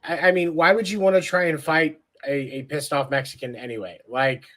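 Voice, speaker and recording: A man's voice: a little high, a little fast, fairly bright tone. A man co-hosting a sports podcast, talking bluntly and casually with profanity and jokes. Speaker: podcast co-host.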